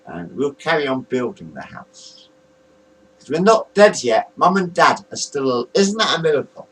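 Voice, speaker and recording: A man's voice: medium pitch, sing-song, moderate pace, fairly bright tone, recorded from a distance, a little hiss or hum, low-quality recording. A man in his forties recalling family stories to camera in a candid, rambling way, laughing between them. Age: 40s. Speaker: man filming a home video about his family. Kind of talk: rambling personal recollection to camera.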